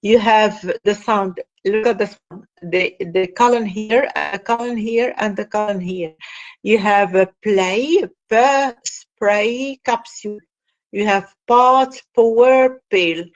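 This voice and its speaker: Halting woman lecturing on phonology. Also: mid-range voice, dull audio. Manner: halting explanation, frequent "uh" and "that is", repeats key phrases. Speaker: linguistics teacher. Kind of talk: classroom lecture.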